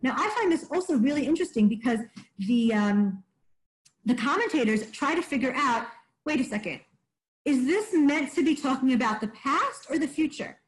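Woman, high voice, explanatory teacher, reads and translates verses. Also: animated, normal speed, rough recording. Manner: explanatory, often checks in with "right?". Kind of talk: text study lesson.

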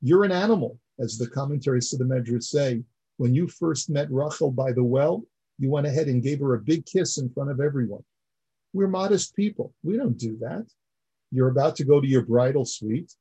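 Mellow husky-voiced male teacher. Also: medium pitch, brisk, low-quality recording. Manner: earnest explaining, repeats words while building a point. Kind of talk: classroom lecture.

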